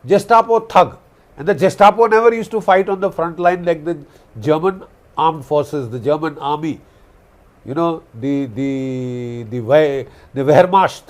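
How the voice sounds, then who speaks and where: A man's voice: a little high, measured pace, darkish tone. A man giving impassioned political commentary, emphatic, repeating key phrases and using frequent fillers.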